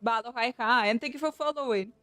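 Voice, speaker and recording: A young woman chatting casually on a live stream, animated and swearing often as she restarts her sentences. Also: on the high side, quick pace, no echo. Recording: faint background music.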